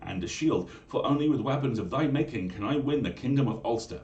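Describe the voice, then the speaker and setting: A man's voice: medium pitch, lively intonation, fairly quick, darkish tone, roomy sound, distant mic, highs cut off, voice pushed up, close to an everyday voice. A man voicing an earnest young warrior who pleads in old-fashioned speech. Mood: pleading.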